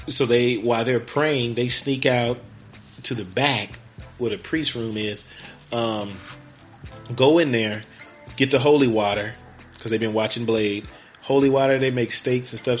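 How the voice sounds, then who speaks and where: A man's voice: medium pitch, fairly even intonation, soft background music. Rambling man recapping a movie. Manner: rambling, acts out characters' lines in quick voices. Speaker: podcast host.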